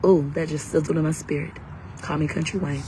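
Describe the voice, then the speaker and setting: A woman's voice: deep voice, steady tone, a little fast, mellow, a little hiss or hum, low-quality recording. Brash, hyped woman selling live. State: under the weather. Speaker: live-stream seller and coach. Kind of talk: casual livestream sales talk.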